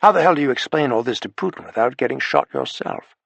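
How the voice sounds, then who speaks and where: A man's voice: mid-range voice, very animated, fast talker, vocal fry, fairly bright tone, no echo, full character voice. Figure: a man doing an earnest, grave hero.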